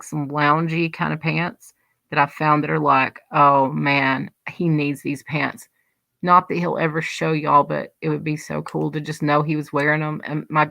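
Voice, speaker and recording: A woman's voice: deep voice, vocal fry, a bit bright, no room sound. A woman hosting a livestream, chatting casually and rambling as she reads and answers live comments. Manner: rambling, chatty, many restarts. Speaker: livestream host.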